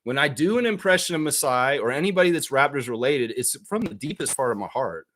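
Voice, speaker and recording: A man hosting a live basketball stream, chatting casually and reacting excitedly to viewer comments. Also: mid-range voice. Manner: animated, excitable, quick to laugh at his own bits. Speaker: livestream basketball show host.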